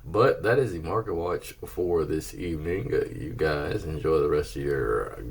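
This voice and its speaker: Laid-back male host, very deep husky voice, casual price rundown with silly asides. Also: expressive, moderate pace. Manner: laid-back, playful, breaks into silly singsong. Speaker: channel host reviewing card prices.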